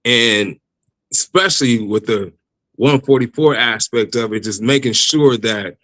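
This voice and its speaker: A man telling his personal faith testimony in a casual interview, animated, laughing often and restarting his sentences. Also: medium pitch, measured pace, no echo, low-quality recording. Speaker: guest giving testimony.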